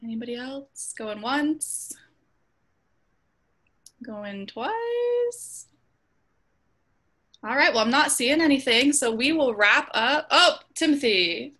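A woman leads a group discussion over a video call. Her voice is bright and forward, and her speech is earnest, dotted with ums and small restarts. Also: high voice, normal speed, hardly any pauses. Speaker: host of an online Bible study.

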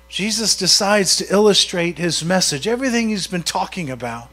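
A man's voice: sits high, animated, normal speed, hardly any pauses, bright, forceful tone. A man preaching a sermon in a conversational way, often asking his congregation questions. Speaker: pastor.

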